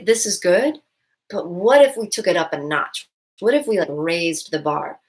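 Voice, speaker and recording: A woman's voice: on the low side, fairly bright tone. A woman vlogger talking through her thoughts in a casual, rambling way, full of restarts and "like" fillers. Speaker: vlogger and stepmom. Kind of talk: casual reflective monologue.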